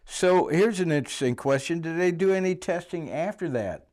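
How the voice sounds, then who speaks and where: Male interviewer, slightly high voice, hesitant clarifying questions. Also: expressive, normal speed, darkish tone. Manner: hesitant, clarifying follow-ups.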